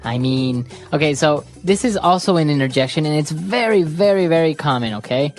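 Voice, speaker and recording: A woman co-hosting an English-learning podcast, guiding the lesson in casual chat and backing her partner with steady "mm-hmm"s. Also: low-pitched, fairly quick, faint music behind. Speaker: podcast co-host and English teacher.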